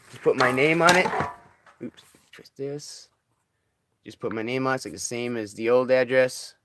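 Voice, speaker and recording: A man talking in a rambling, halting confessional video diary, emotional as he comes off substances, often trailing off quietly. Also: medium pitch, clean tone, dry recording, studio quality. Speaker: vlogger. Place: living in a stuck bus in the desert.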